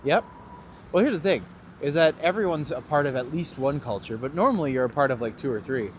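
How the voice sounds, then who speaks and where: With a fairly high pitch and a brisk delivery, a Canadian tour guide banters animatedly about himself while walking outdoors on a live stream. Street traffic hums behind his handheld phone.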